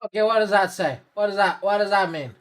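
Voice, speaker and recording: A man's voice: high-pitched, quick pace, a little hiss or hum. A man streaming live, reacting to a video with profane, sarcastic, rambling commentary.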